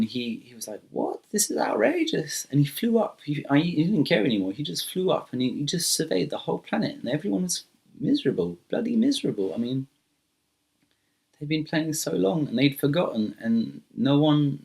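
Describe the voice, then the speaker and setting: A man's voice: on the high side, expressive, a little fast, gravelly, darkish tone, husky. A man telling an improvised myth casually, rambling with many fillers and restarts. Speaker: storyteller. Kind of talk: improvised spoken storytelling.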